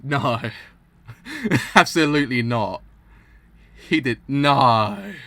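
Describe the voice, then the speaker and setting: Young male streamer, bright, lively voice, theatrical mock outrage, laughs a lot. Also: medium pitch, extremely slow, no echo. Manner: dramatic, exaggerated mock outrage, laughs often. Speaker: streamer reacting to manga. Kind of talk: live reaction commentary.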